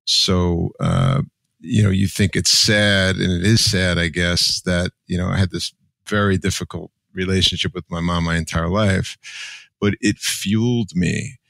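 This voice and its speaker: A man's voice: sits low, fairly even intonation, moderate pace, vocal fry, fairly bright tone, no room sound. A man in his sixties from New Jersey, a podcast guest telling his life story candidly and with emotion. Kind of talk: personal storytelling.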